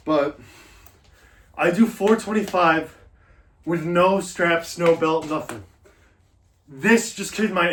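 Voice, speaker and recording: A man giving a casual workout demonstration as a fitness vlogger, coaching in a loose, talky way. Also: a little high.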